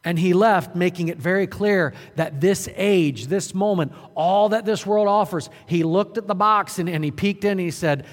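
A man's voice: high voice, normal speed, few pauses. Male preacher in a reverberant hall. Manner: earnest preaching, rising to loud urgent emphasis and dropping to quiet. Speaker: pastor. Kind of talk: sermon.

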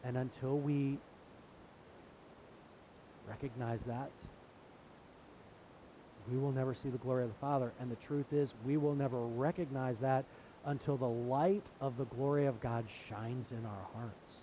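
A man's voice: mid-range voice, fairly even intonation, a little slow, long pauses, warm tone, a little hiss or hum, poor audio. Earnest man preaching a sermon. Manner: earnest preaching, acts out quoted voices. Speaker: pastor.

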